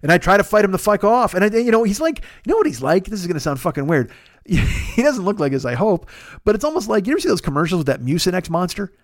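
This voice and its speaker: A man's voice: high-pitched, big pitch swings, fast, dry recording. A man hosting a podcast, rambling through a profane, self-deprecating comedic monologue in a studio. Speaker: podcast host.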